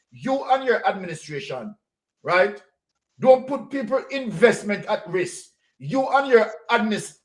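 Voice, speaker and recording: A man with a Jamaican accent giving a combative political commentary, directly accusing the person he talks about. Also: sits high. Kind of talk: monologue commentary.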